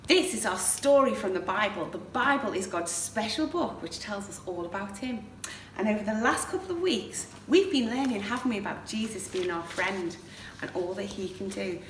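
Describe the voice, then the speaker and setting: A woman telling a Bible story to pre-school children, animated and often asking them questions, recorded from a distant mic in a roomy space. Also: mid-range voice, moderate pace, slight background noise. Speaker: children's church leader.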